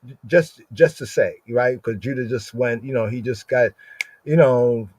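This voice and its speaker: A man teaching from scripture on a livestream, reading Hebrew verses slowly and explaining each word, asking "right?" after nearly every phrase. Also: mid-range voice, darkish tone. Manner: explains Hebrew words aloud, repeats "right?" constantly; slows down to read Hebrew verses. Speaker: Bible teacher.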